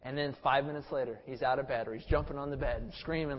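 A man in his thirties preaching a sermon as pastor, impassioned, swinging from loud emphasis to a low hush. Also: steady tone, quick pace. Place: church sanctuary. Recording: muffled sound in a hall with long reverb.

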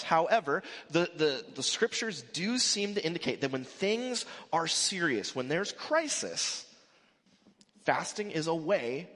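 Conversational pastor in a reverberant church. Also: male voice, a little high, a bit bright. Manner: conversational, emphatic, acts out quotes. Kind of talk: sermon. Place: church sanctuary. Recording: echoey hall with long reverb.

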